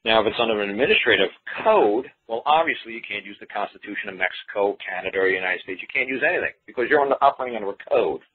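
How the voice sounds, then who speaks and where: A man with a very husky, low voice speaks fast as he recounts a court story, playing out both sides of the exchange. He repeats and restarts phrases as he goes. The sound is thin and tinny, like a phone call carried over radio. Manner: quotes courtroom exchanges in animated back-and-forth; repeats himself with frequent restarts. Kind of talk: storytelling monologue.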